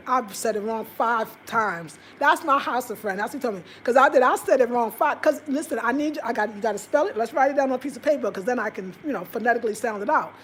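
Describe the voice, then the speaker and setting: A chatty woman with a high, bright voice, talking casually to her viewers and calling them "y'all." She is animated and quick to launch into stories. A faint hum of room ambience sits behind her. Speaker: travel vlogger. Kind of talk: casual talk to camera. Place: apartment room.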